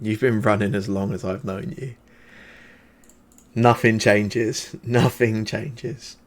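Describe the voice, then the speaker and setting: A man voicing a watchful woman ally who speaks in a measured, quietly reproachful way. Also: mid-range voice, natural voice.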